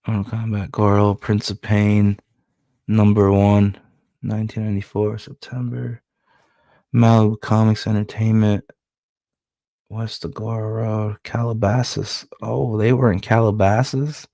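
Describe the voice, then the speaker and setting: A man's voice: lowish voice, little pitch movement, measured pace, gravelly, dark tone, no echo. A man streaming as he reads through a comic book, with laid-back commentary and casual swearing. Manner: laid-back, swears freely, chuckles at credits.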